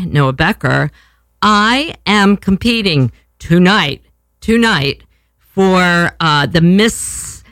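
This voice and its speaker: A woman's voice: lowish voice, fairly bright tone, no room sound. A woman, hosting a casual talk show in a brash, rambling way, swearing freely. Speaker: podcast host.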